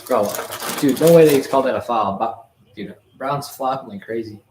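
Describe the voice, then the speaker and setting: A man's voice: mid-range voice, normal speed. A young man co-hosting a podcast, chatting casually about the game and grumbling at the refs. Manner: relaxed, says "dude" and "bro" a lot, grumbles at refs. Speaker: podcast co-host. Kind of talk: casual chat while watching a game. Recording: roomy echo, faint background noise.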